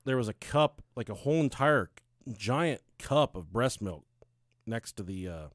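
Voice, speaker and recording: A man's voice: a little slow, dry recording, clean studio sound. A man in his thirties co-hosting a podcast, telling crude stories in casual comedic chat and acting out the people he quotes. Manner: animated storyteller, acts out quotes with big pitch swings. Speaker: podcast co-host.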